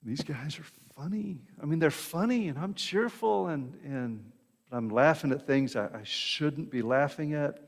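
A man delivers a sermon in an easy, conversational style. His voice sits a little high for a man and he keeps asking "right?" of his listeners. The sound carries the long reverb of a large hall. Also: measured pace. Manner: conversational preaching, frequent "right?" asides and repeated words. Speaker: pastor.

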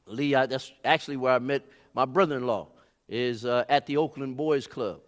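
A man preaching a sermon in a storytelling way, building up to shouted high points. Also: moderate pace. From California, USA. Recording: long hall reverb.

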